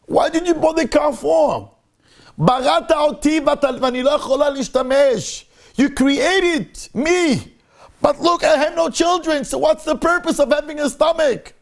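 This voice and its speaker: A rabbi teaching a Torah class with a very high voice for a man and a gravelly edge. He talks emphatically, circling back and repeating himself as he drives each point home. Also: brisk. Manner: emphatic, repetitive, mixes Hebrew into English. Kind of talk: Torah lecture.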